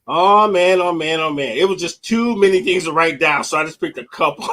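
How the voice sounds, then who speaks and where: A man co-hosting a casual live-streamed podcast chat, playful and quick to laugh. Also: fairly high pitch, bright, forceful tone. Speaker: co-host. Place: home studio, live stream. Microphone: webcam or desk mic on a video stream.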